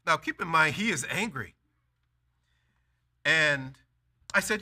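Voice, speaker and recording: A man's voice: fairly high pitch, expressive, moderate pace, pushed and bright. A man preaching a sermon, telling a personal story with acted-out dialogue and building to emphatic declarations.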